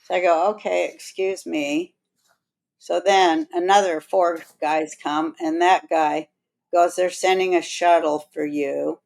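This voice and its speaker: A woman's voice: fairly low pitch, fairly even intonation, takes it slowly, gravelly, darkish tone, rough recording. A woman hosting a podcast, telling a long rambling anecdote in casual chat and acting out other people's lines as she goes. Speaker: podcast host.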